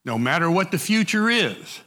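A man leading a group Bible study, reading passages and talking them through in a halting, conversational way with frequent restarts. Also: high voice, big pitch swings, bright, forceful tone, big-room sound.

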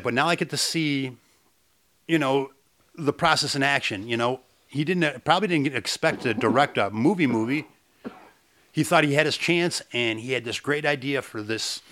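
A man co-hosting a podcast in casual chat, excitable and profane, laughing often. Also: mid-range voice, moderate pace. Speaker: podcast co-host.

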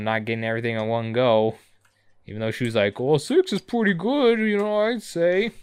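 A man co-hosting a podcast, recapping episodes casually with sarcasm, swearing and quick character impressions. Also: medium pitch, smooth. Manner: sarcastic, swears a lot, acts out characters' lines. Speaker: podcast co-host.

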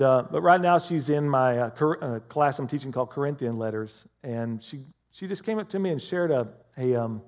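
A man's voice: medium pitch, a little mellow. A man, a pastor preaching a sermon in a church, swinging from emphatic bursts to easy, chatty storytelling. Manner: preaches with rising, emphatic bursts, then chats easily. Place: church hall with a congregation.

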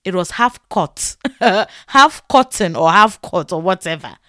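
Animated young Nigerian woman storyteller. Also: lowish voice, measured pace, dry recording, studio quality. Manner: animated, acts out quoted dialogue. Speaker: vlogger. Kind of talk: casual storytelling.

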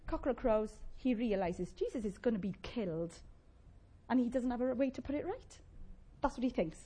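Animated woman preaching, breathy. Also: on the high side, moderate pace. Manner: animated, conversational, playful asides to the congregation. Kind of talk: sermon.

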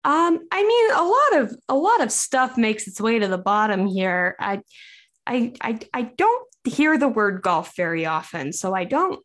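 A woman voicing a shy, innocent female lake monster in an improvised comedy bit, talking in a halting, earnest, naive way. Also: a little high, sing-song, a bit bright. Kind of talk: improvised comedy role-play.

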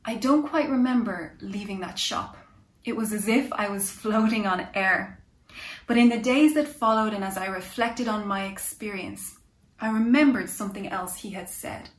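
A woman's voice: medium pitch, normal speed. Woman narrating a reflective story. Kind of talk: first-person story narration. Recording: echoey room.

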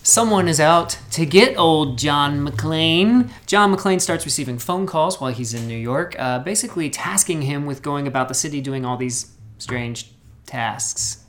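A man's voice: on the high side, animated, fairly bright tone. Casual male podcast host. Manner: leads the talk, gives quick plot summaries. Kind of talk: casual movie discussion.

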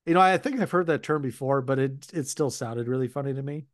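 Chatty laughing American podcast host. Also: male voice, medium pitch, fast talker, dry recording, clean studio sound. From United States. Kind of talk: casual chat.

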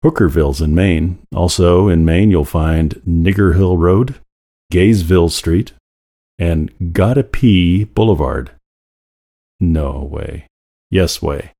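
Deep mellow-voiced man reading wryly. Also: slow pace. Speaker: segment presenter. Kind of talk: reading a list.

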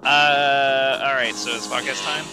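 A man co-hosting a podcast in casual chat, rambling and excitable with a joking manner. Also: mid-range voice, a little slow, music in the background. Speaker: podcast co-host.

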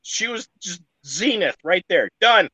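A man co-hosting a casual podcast, loud and brash, swearing freely. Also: sits high, expressive, unhurried, husky, no room sound, rough recording. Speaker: podcast co-host. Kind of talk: casual chat.

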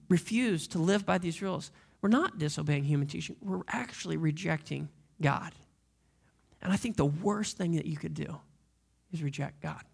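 Earnest gravelly-voiced pastor preaching. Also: male voice, a little high. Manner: earnest, direct appeals to the listeners. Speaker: lead pastor. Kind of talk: sermon.

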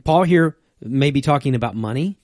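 A man's voice: medium pitch, expressive, normal speed, a little mellow, no room sound, studio quality. A man co-hosting a casual church talk, reading scripture and book quotes aloud. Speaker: co-host. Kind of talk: casual church podcast chat.

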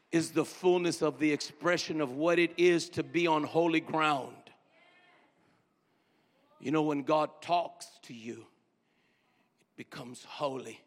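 A man in the pulpit, a pastor, preaching with call-and-response, fervent repetition, hushed whispers and rising shouts. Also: a little high, a little slow, long pauses, long reverb tail. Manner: drops to hushed whispers for emphasis; fervent, repeats phrases. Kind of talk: sermon. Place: church sanctuary.

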